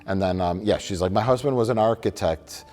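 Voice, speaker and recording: A man's voice: on the low side, brisk, darkish tone. A man in his forties reviewing films in a casual comedy panel chat, joking and laughing often. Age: 40s. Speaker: film reviewer.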